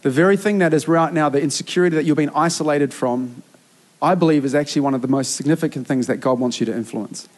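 A man's voice: on the high side, quick pace. A middle-aged man, preaching a sermon as a youth pastor, earnest and emphatic with frequent restarts.

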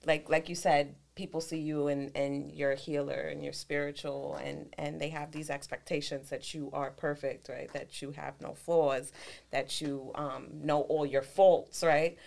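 A woman's voice: low voice, little pitch movement, measured pace, vocal fry, a little mellow. A woman co-hosting a podcast in casual chat, asking probing questions and reflecting thoughtfully. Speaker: podcast co-host.

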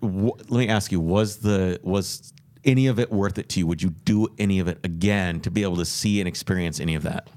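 A man's voice: deep voice, fairly quick, a little mellow. A man on a podcast telling a long road trip story, rambling and earnest with many restarts. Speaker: podcast host. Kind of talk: casual podcast chat.

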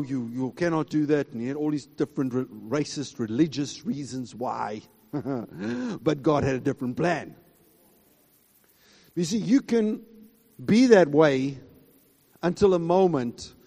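A man preaching a sermon emphatically, swinging between loud high exclamations and quiet asides. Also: lively intonation, a little slow, gravelly, in a large hall. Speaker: pastor.

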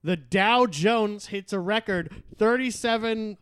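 A man co-hosts a podcast in a loose, joking chat. His voice sits high for a man. The recording is dry and close, with no room sound. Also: takes it slowly, fairly bright tone, clear, resonant tone, no echo. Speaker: podcast co-host. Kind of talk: casual chat with mock news segments.

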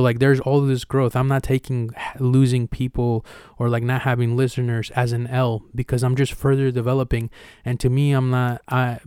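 A male podcast host talking openly in a relaxed, slangy way and swearing freely. His voice is smooth and clear, in a dry, close recording with no room sound. He jumps into lively impressions when he retells a conversation. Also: mid-range voice, dry recording. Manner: candid, swears casually, slangy; acts out retold dialogue with energy.

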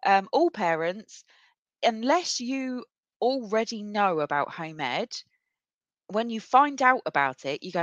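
A woman's voice: mid-range voice, lively intonation, unhurried, fairly bright tone, dry recording. A woman hosting a casual podcast interview, chatty and frank with plenty of fillers. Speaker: podcast host. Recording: dull lo-fi dry sound.

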